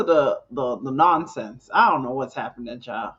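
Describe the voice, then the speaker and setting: A woman's voice: extremely low pitch, normal speed, hardly any pauses, a bit bright. A woman chats on a live reaction stream, sounding exasperated and rambling with many restarts. The audio comes through muffled and lo-fi.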